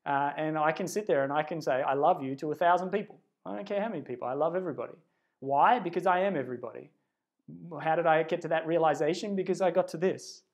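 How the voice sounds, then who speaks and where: A man giving a livestreamed spiritual pep talk into a phone camera, earnest and rambling, swinging between hushed and loud, blunt and casually profane. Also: on the high side, quick pace. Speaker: spiritual self-help speaker.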